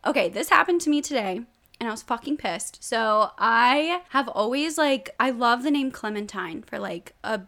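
A woman's voice: fairly high pitch, expressive, normal speed, a bit bright. A woman in her twenties co-hosting a podcast, chatting casually and laughing often. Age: 20s. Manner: giggly, laughs often between lines. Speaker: podcast co-host.

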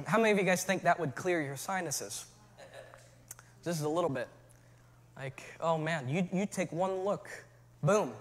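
A man preaching a sermon as pastor, moving from relaxed storytelling to shouted calls to his church. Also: a little high, unhurried, long pauses, big-room sound.

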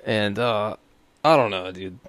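A man's voice: lowish voice, fairly bright tone, clear, resonant tone, dry recording. A young man hosting a podcast, talking in a rambling, profane, sardonic way. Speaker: podcast host. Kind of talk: casual solo podcast rant.

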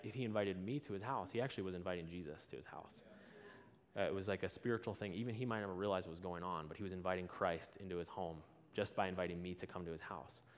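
A man preaching a sermon, telling a story and acting out both people in the conversation. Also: low-pitched.

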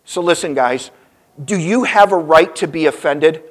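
A man preaches to his congregation, telling a story with pauses and sudden emphasis. His voice sits a little high for a man. He pushes up loud on key points, then falls soft and low. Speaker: pastor. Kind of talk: sermon.

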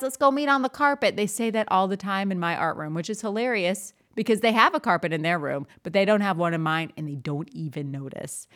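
Woman art teacher hosting her own podcast, slightly low voice, chatty and animated, playfully acts out her class routines. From Southern US. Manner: chatty, animated, demonstrates classroom call-and-response. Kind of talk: casual podcast monologue.

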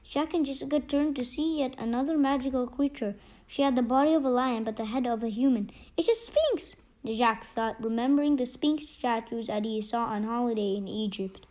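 A woman's voice: fairly high pitch, fairly even intonation, fairly quick, a little mellow, rough recording. A woman narrating a children's storybook steadily, with small slips. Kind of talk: storybook reading.

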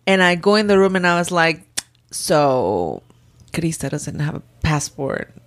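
A woman in casual chat, telling a story in an animated way and acting out the people she quotes. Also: low-pitched, a little slow.

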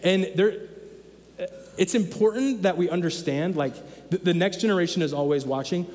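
A man's voice: sits high, moderate pace, darkish tone, big-room sound. A man in his thirties preaching a sermon as pastor, conversational and emphatic, repeating his key phrases. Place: church sanctuary.

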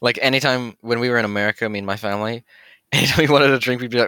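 A man's voice: medium pitch, steady tone, very fast, bright, forceful tone, smooth, no echo. A teenage boy co-hosting a podcast, chatting casually with lots of fillers and offhand swearing. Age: teens. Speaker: podcast co-host. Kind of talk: casual chat.

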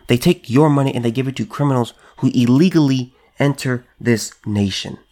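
A man's voice: medium pitch, normal speed, dark tone. Emphatic man giving political commentary. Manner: emphatic, repetitive rhetorical questions; stammering restarts when worked up. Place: California.

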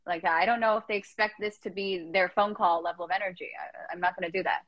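A woman guest on a casual live stream chat, talking in an animated, rambling way and laughing often. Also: on the low side, fast, dry recording, highs cut off. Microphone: Instagram Live stream.

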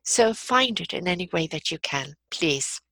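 A middle-aged woman telling a personal story and giving calm, earnest life advice. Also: fairly low pitch, unhurried, no room sound. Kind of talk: motivational talk with personal story.

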